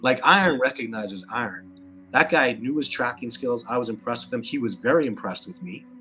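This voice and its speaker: A man's voice: mid-range voice, animated, fairly quick, pushed and bright. A man with a Canadian accent, speaking as an interview guest in an emphatic, combative way, often repeating words as he gets worked up. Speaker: interview guest, Sasquatch researcher. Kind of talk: animated interview talk.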